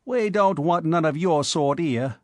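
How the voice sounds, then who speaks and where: A man's voice: fairly high pitch, measured pace, no room sound, natural voice. A man voicing a blunt, quarrelsome male cabman in a storybook reading. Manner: blunt, challenging.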